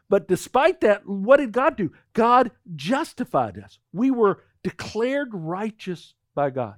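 A middle-aged man preaching, his voice rising and falling a lot as he tells a story. He sits a little high in pitch for a man and sounds dry and close, with almost no room echo. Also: slow, hardly any pauses. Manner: animated storytelling, acts out quotes. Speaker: pastor. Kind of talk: sermon with personal story.

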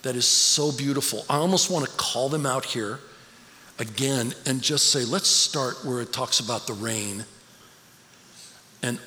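A middle-aged man speaks to a congregation in a loose, storytelling way, his bright, forceful voice ringing through the church sanctuary. A long reverb trails each phrase, and a faint room hum sits underneath. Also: mid-range voice. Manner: conversational, storytelling, emotional at times. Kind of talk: personal sermon talk.

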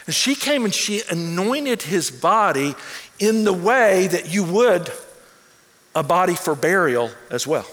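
A pastor delivers a sermon in a high, bright-edged voice. He preaches with animated energy that climbs toward near shouts. His voice rings out with the long reverb of a large sanctuary. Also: measured pace.

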